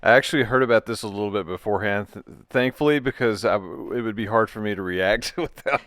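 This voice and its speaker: A young adult man co-hosts a casual chat, joking and rambling with many restarts. His voice is smooth and clear, and the recording is dry and close. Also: on the low side, fast, a bit bright, dry recording. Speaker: co-host.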